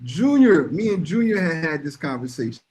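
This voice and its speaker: A man's voice: fairly high pitch, sing-song, normal speed, a little mellow, slight background noise. Insistent man in casual panel talk.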